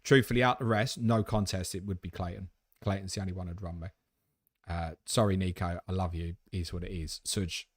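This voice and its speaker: A man's voice: deep voice, fairly even intonation, a little fast, no room sound, studio quality. A man hosting a live question-and-answer stream, talking in blunt, matey banter with some swearing. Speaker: host.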